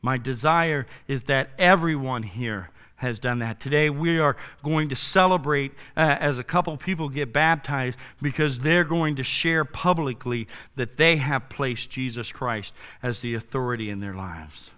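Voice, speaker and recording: A male pastor preaching a sermon to his church, emphatic and building to loud commands. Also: medium pitch, unhurried, few pauses, smooth. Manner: emphatic, rising to shouted commands. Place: church sanctuary.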